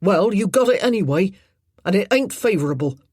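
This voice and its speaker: A woman narrator voicing a blunt, loyal young country groom who talks plainly with rough grammar. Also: mid-range voice, expressive, normal speed, a little mellow, no echo, studio quality, voice pushed up. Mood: defiant.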